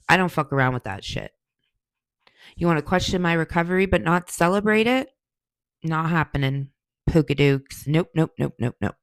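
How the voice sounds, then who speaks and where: A woman in her forties with a very deep voice, heard without echo, hosts a podcast. In a casual monologue she answers questions, telling stories in a heated, blunt and profane way.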